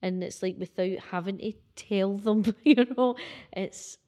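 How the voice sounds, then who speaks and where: A woman co-hosting a casual faith chat, halting and searching for her words as she talks. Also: medium pitch, mellow. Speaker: co-host.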